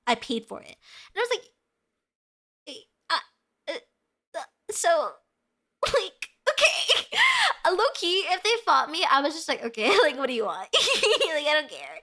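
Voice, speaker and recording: A young woman with a high, sparkling voice chats casually on stream, answering her viewers. She talks in a breezy, giggly way, with "like" in nearly every phrase. Her tone is crisp and bright. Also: sing-song, a little slow, pauses often. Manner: chatty and giggly, peppers speech with "like". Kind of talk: casual chat reading viewer comments.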